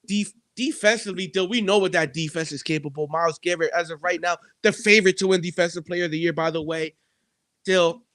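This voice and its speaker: A man co-hosting a sports betting podcast, talking in an animated way and turning to his co-host again and again. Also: high-pitched, no echo, studio quality.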